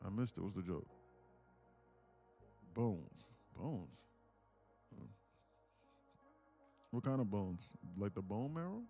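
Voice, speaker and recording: Slow and lowish with vocal fry, the host of a live day-trading stream pauses often as soft music plays. He chats casually with his audience, swearing freely, joking around, and laughing often with a lively delivery.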